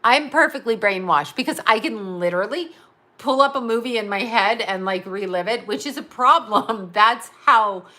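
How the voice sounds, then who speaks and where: Middle-aged lady venting at the camera, swears a lot, rambles, laughs at her own jokes, kinda high bright voice. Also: moderate pace. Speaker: vlogger. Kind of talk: blunt profane monologue.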